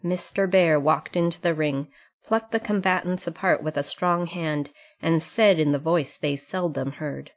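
A woman narrating an audiobook in a calm, even reading voice. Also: low-pitched, unhurried. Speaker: audiobook reader. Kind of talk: scripted narration.

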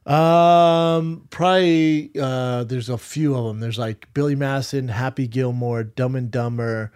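A man co-hosting a podcast in casual chat, telling stories in an animated, profane way. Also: medium pitch, a little slow, smooth. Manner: animated, profane, laughing storyteller. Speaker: podcast co-host.

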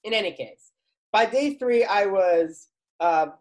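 A man's voice: high-pitched, animated, measured pace. A man, an actor and comedy writer, telling a casual anecdote as a talk show guest, full of fillers and loose restarts. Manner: rambling, filler-heavy storytelling, lots of "like".

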